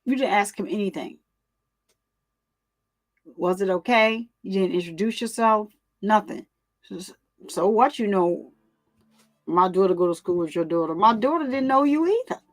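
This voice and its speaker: A woman hosting her own channel, speaking casually to her viewers in an animated way, repeating phrases and laughing often. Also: mid-range voice, normal speed, long pauses, faint music behind. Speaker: commentary channel host.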